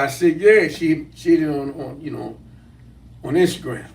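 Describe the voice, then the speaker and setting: A man with a high voice hosts a podcast, eagerly cutting in to retell a story. He sounds distant from the microphone, with faint noise behind him. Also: moderate pace. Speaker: podcast host. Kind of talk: casual interview chat.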